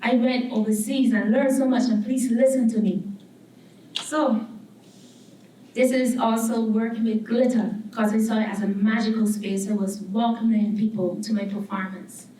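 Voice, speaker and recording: A woman's voice: a little high, steady tone, normal speed, warm tone. A Barbadian woman, likely in her thirties, giving a lecture as a guest artist, telling her story animatedly and acting out what people said. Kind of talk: public lecture. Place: lecture hall. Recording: roomy hall, distant mic, faint room noise.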